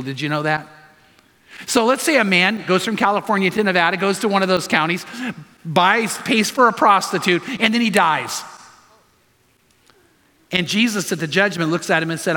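A man's voice: sits high, a little fast, pushed and bright, long reverb tail. A male pastor preaching a sermon, emphatic and full of rhetorical questions to the congregation.

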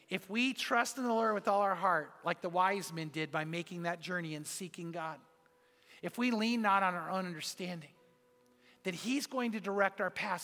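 A man's voice: high voice, pushed and bright. A man preaching a sermon as pastor, telling a story in an earnest, emphatic way. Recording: long reverb of a large hall.

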